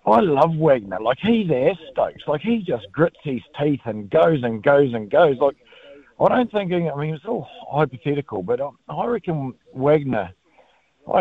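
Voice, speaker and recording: Lively New Zealand man on a phone line. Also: mid-range voice, breathy edge. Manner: animated, rambling, lots of "like" and "mate". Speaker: caller.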